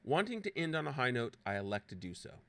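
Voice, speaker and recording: Walking through a teaching app, this male presenter narrates a scripted, playfully dramatic voice-over punctuated by theatrical exclamations. He sounds very animated and fast, with a mid-range, gravelly, slightly bright voice.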